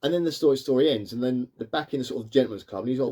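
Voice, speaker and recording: Fast-talking man reviewing cartoons. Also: mid-range voice, dark tone. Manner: rambling, leans on fillers like "sort of" and "like". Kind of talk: casual spoken review.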